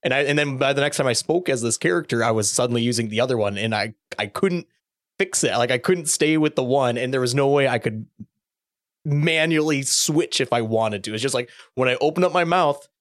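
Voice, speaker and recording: Male podcast host, mid pitch, dry close mic, rambling, hesitant delivery. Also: brisk, fairly bright tone, no echo. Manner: rambling, hesitant, stammers and laughs. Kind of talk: casual gaming podcast chat.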